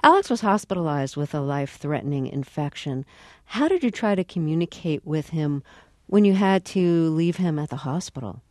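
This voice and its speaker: A woman hosts an interview, asking measured questions. Her voice is low and warm, and the sound is dry and close. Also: lively intonation, no echo. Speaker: interviewer, host.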